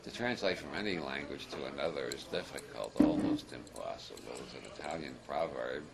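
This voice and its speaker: A man's voice: rumbling low, animated, a little fast, gravelly. An older man giving a rambling, humorous talk to a live audience, wry and chuckling, wandering off on self-deprecating asides. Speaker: lecturer. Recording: noisy archival audience recording.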